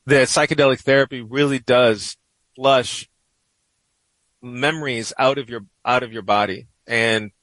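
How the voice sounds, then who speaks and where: A man's voice: mid-range voice, steady tone, a little slow, a bit bright, no room sound, low-quality recording. Male guest, 40s, from New York, reflective storyteller who rambles, dry studio sound. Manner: reflective, rambling, many "you know"s. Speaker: guest columnist. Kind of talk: personal storytelling in a radio interview.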